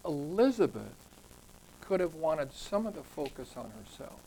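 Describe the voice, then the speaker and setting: A man's voice: a little high, big pitch swings, a little slow, vocal fry, warm tone, a little hiss or hum, rough recording. A man leading a Bible study group, teaching scripture conversationally and putting questions to the group. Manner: conversational, asks the group questions, repeats words when emphasizing.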